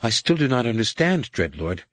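A man's voice: mid-range voice, very animated, normal speed, fairly bright tone, dry recording, voice pushed up. A man reading an audiobook and voicing a humble, frightened female alien scientist, deferential and pleading. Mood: fearful pleading.

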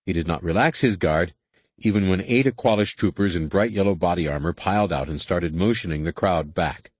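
A man narrating a science-fiction audiobook in a measured, steady reading. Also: deep voice, no room sound. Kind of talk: scripted narration.

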